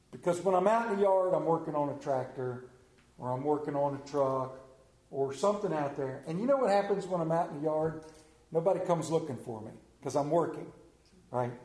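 A middle-aged man preaching a sermon, telling folksy stories and swinging between hushed and animated delivery. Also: high-pitched. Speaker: pastor. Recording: echoey room.

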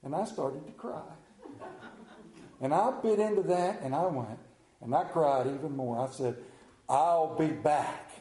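A man telling a folksy story with a dramatic, drawn-out delivery and slowed emphasis. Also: on the high side, dark tone. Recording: roomy echo.

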